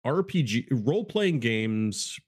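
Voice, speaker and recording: A man's voice: mid-range voice, very animated, slow, husky. A man co-hosting a casual podcast, reading listener questions and answering in a wry, rambling, self-deprecating way.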